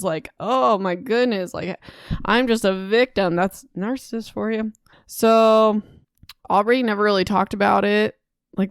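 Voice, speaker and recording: A young woman hosting a podcast, recapping a book in a casual, animated, indignant way, with many "like"s. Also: mid-range voice, clean tone, no room sound, clean studio sound. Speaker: podcast host.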